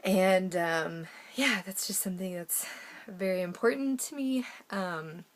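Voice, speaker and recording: A woman's voice: mid-range voice, measured pace, poor audio. A young American woman chatting casually in a video diary, rambling with lots of ums and little laughs. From United States. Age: young adult. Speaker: vlogger.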